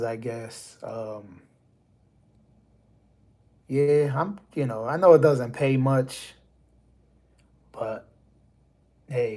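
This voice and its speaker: A man's voice: medium pitch, dark tone. A man from the United States hosting a live stream, talking to his chat in a loose, rambling, conversational way. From USA. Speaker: livestream host.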